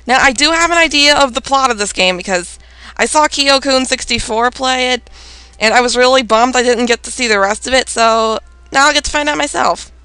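Young woman doing a let's play, high bouncy voice, bright tone, tries out voices for the characters. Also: a little fast, smooth, dry recording. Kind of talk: casual game commentary, reading dialogue aloud.

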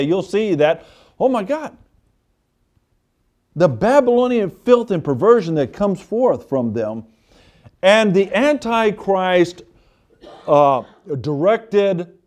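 A middle-aged man delivering a sermon from the pulpit in a notably high-pitched voice. He preaches with fervent conviction, climbing into indignant emphasis as he drives each point home. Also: darkish tone. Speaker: pastor.

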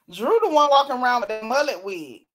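A woman hosting a casual chat, reading out comments from viewers and laughing often. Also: a little high. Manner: animated, laughing, Southern-style slang. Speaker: host.

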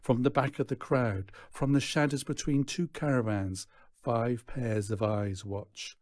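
A man reading a children's novel aloud in slow, measured narration. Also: mid-range voice, fairly even intonation, a little mellow, no room sound, studio quality. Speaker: reader. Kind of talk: storybook read-aloud.

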